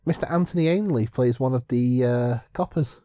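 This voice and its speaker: A man's voice: medium pitch, normal speed, warm tone, no room sound. A man co-hosting a comedy film commentary, joking, laughing and often restarting his sentences. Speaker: co-host.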